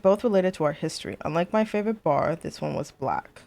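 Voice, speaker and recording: A woman streamer playing a story game, reading letters aloud in a steady voice and breaking into chatty, excitable remarks. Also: low voice, fairly quick, vocal fry. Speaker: let's play streamer.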